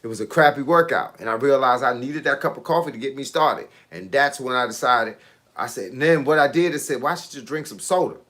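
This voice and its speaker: A man's voice: mid-range voice, lively intonation, brisk, fairly bright tone. A middle-aged man, a fitness coach chatting casually with viewers on a live stream, laid-back and laughing often. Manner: laid-back, repeats "hey, look" and "bro", laughs often.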